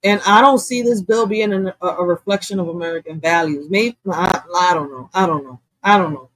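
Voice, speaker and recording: A woman hosting a casual livestream, talking bluntly with lots of swearing and reacting loudly, with laughs, to comments from her chat. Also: lowish voice, a little fast, no room sound, rough recording. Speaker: livestream host.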